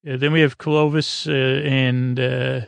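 A man in a dry, close-sounding room talks through an episode recap, stopping and starting as he reads from his notes. His voice is gravelly, and his pitch stays level and even. He fills the gaps with plenty of hesitation sounds. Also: dry recording. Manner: halting, loose, full of filler sounds while paraphrasing scenes. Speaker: podcast host recapping a TV episode. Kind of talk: casual episode recap read from handwritten notes.

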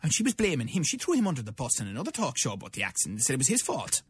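A man's voice: mid-range voice, wildly swooping pitch, rapid-fire, husky. A man with a Cork Irish accent hosting a radio show, chatting in a joking, rambling way. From Ireland. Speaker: radio host. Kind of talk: casual radio chat.

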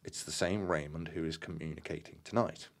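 A man with a very deep voice reads a supernatural story aloud. He stumbles and restarts often, adds casual remarks, and bursts into loud acted-out shouts for the characters. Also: steady tone, brisk. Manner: acts out shouted dialogue, many fillers and restarts. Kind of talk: reading aloud from a book with comments.

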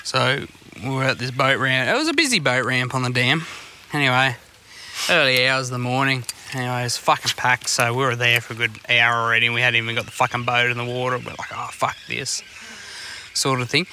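Aussie guy spinning sweary yarns, really bright sharp voice, bit of hiss behind. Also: medium pitch, fast talker. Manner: sweary storytelling. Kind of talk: casual chat.

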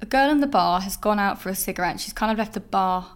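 A young woman hosting a solo podcast, telling stories in a candid, expressive way and swearing freely. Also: medium pitch, fast talker, smooth. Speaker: podcast host.

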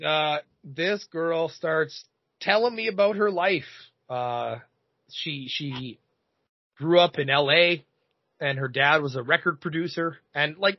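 A man in his thirties, a podcast host, telling a comedic story in an animated, profane way. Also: a little high, dry recording, dull audio. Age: 30s.

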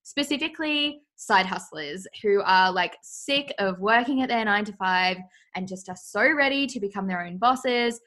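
A woman's voice: mid-range voice, normal speed, few pauses, bright, forceful tone. A woman with an Australian accent, a business coach talking as a guest on a podcast in a playful, chatty way. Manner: playful, chatty, laughs easily. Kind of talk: casual interview chat.

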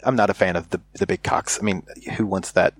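A man's voice: low voice, steady tone, fast talker. An American man telling a candid story in casual chat, rambling with many fillers and restarts. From United States.

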